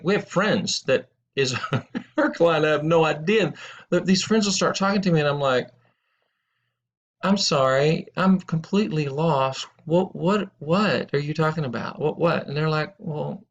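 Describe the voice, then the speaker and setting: A man's voice: mid-range voice, vocal fry, fairly bright tone. A middle-aged man teaching a recorded lesson in a casual, rambling way, telling anecdotes and correcting himself as he goes. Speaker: instructor. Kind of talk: casual lecture video. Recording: dull lo-fi audio.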